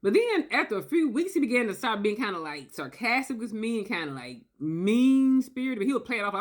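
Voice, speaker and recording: A woman talking straight to her viewers in a casual, animated storytelling monologue, acting out quotes and often tagging points with "okay?". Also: fairly high pitch, fairly quick, few pauses. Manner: animated, acts out quotes, tags lines with "okay?". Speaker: video creator.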